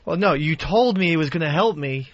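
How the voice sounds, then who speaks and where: A man's voice: a little high, animated, brisk, slight background noise. A man co-hosting a radio talk show, ranting and easily worked up in casual banter. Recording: dull radio broadcast with faint music.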